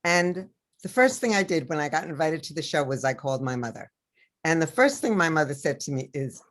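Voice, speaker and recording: An older woman author in an interview, telling personal stories in a lively way and acting out the voices of the people she quotes. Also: low-pitched, fairly quick. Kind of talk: storytelling interview over video.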